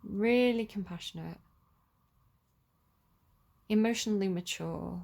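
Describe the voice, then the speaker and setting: A woman's voice: mid-range voice, slow, creaky, warm tone. A woman giving a casual tarot reading, talking in a chatty, rambling way with lots of "like" and "you know.". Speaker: tarot reader.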